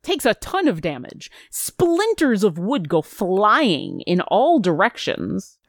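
A woman's voice: medium pitch, wildly swooping pitch, slow, no echo, studio quality. A woman narrating as the game master of a tabletop game, vivid and amused.

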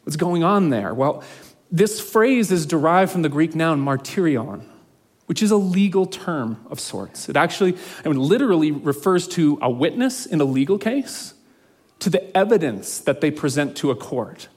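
A man preaching a sermon in an earnest, measured way, slowing down to stress key phrases. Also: a little high, expressive. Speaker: pastor.

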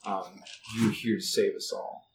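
A man voicing a dying old male wizard who speaks in a slow, hushed, halting farewell. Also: on the low side, little pitch movement, creaky, voice pushed down. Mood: grateful. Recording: distant mic, faint background noise.

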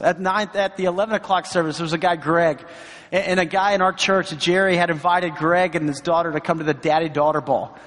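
A middle-aged man preaches to his church, his voice pitched high for a man. He tells stories in an earnest, encouraging way, dropping in asides as he goes. The sound rings with the long reverb of a large sanctuary. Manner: storytelling, earnest and encouraging, many asides like "right?" and "you know". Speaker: pastor. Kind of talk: sermon.

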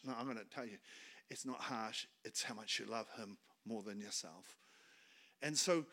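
A man's voice: mid-range voice, fairly bright tone. A middle-aged man with a New Zealand accent, preaching as a guest speaker and telling funny stories, laughing at his own jokes. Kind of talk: storytelling sermon.

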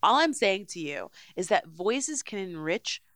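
A woman's voice: mid-range voice, big pitch swings, unhurried, a bit bright, no room sound. A woman co-hosting a podcast in casual chat, playful and teasing, often laughing, recorded close on a podcast mic. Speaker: podcast co-host. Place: home podcast setup in New York.

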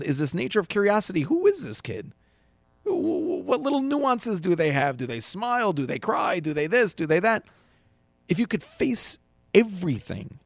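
A man speaking as a rabbi and teacher in a casual talk, with a slightly high voice and a gravelly edge. He tells stories with animation, acting out the voices of others and restarting his phrases. The sound is dry and close. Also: no room sound. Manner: animated storyteller acting out quotes, many restarts. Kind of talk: casual spoken advice on a podcast.

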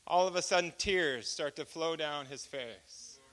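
Brief: male preacher giving a personal testimony, high and bright, lively storytelling with acted-out exchanges. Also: measured pace. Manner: animated storyteller who acts out dialogue.

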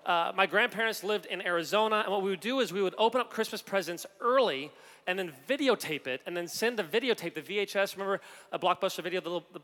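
Man, conference keynote speaker, humorous and lively, bright tense voice, echo of a large hall. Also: high voice, fast. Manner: joking, animated, addresses the audience. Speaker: executive coach giving a conference talk. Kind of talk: energetic humorous stage talk. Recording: long hall reverb.

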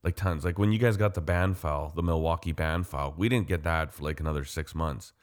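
A man's voice: very deep voice, brisk. A man from Canada chatting casually and enthusiastically, rambling with lots of fillers. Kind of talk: casual chat.

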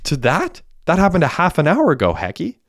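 A tense young accomplice, swearing and frantic, as a man reads him in an audiobook. The voice is low and smooth, with a close, dry sound. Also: brisk, no echo, natural voice. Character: anxious young man called Sarge, cleaning up a crime. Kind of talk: audiobook character voice.

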